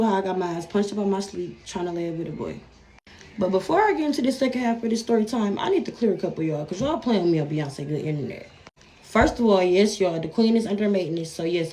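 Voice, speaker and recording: A woman's voice: fairly low pitch, darkish tone, a little hiss or hum. A woman telling a personal story to her viewers in a brash, profane, casual way, constantly calling out to them as y'all.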